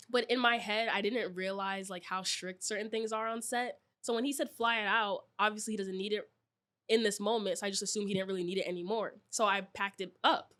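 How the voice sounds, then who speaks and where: A woman's voice: medium pitch, moderate pace. Twenties woman guest from New York, loose chatty storyteller. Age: 20s. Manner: chatty, many fillers, animated retelling. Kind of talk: casual chat, storytelling.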